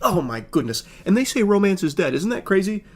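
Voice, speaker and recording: A man giving sarcastic commentary on messages he reads out, with a deadpan, mocking delivery. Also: high voice, fairly quick.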